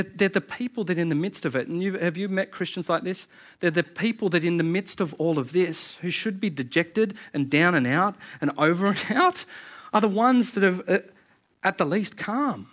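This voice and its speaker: A man preaching a sermon as pastor, animated and repeating words as he builds to his points. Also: high-pitched. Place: church service.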